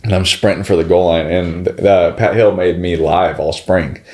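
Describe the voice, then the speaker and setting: A man's voice: low voice, normal speed. Laid-back man with a Texan drawl. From California and Houston, Texas. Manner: animated, laughing, says bro and y'all. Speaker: podcast guest. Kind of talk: casual chat.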